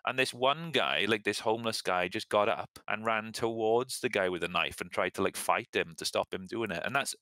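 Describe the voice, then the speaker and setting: A young man casually explaining example sentences as an English teacher, relaxed and chatty. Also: lowish voice, dry recording. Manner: relaxed, chatty, laughs at own slips.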